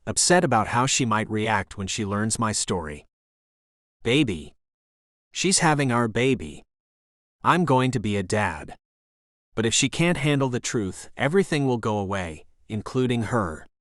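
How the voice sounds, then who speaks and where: A man narrates a first-person romance audiobook in a steady, even read. His voice sits in a middling register and the recording is dry and close, with no room sound. The pacing stays measured from line to line. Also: mid-range voice, no echo.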